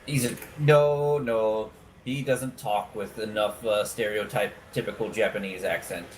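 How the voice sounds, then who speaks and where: Brief: male co-host, playful teasing, unhurried speech. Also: fairly low pitch, steady tone, a little hiss or hum, poor audio. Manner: teasing, bantering. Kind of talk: casual chat.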